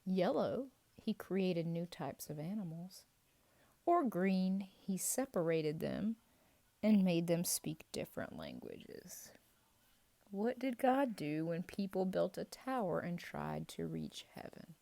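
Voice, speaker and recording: Woman kids' teacher, lively playful quiz delivery, mellow low voice, slow and encouraging. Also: creaky. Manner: playful, animated and encouraging, drawn-out answer reveals. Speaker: children's ministry teacher. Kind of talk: quiz review for kids.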